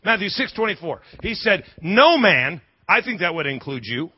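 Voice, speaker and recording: Animated, husky-voiced preaching man. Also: high voice, muffled recording. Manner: animated, humorous preaching with quick asides and repeated words. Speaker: pastor. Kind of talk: sermon.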